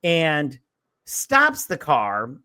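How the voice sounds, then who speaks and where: A man's voice: on the high side, wildly swooping pitch, extremely slow, sharp tone, no room sound. Guy hosting a movie podcast, loose and sweary storytelling, dry close sound. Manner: rambling, profane plot retelling. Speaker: podcast host. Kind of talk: casual movie review chat.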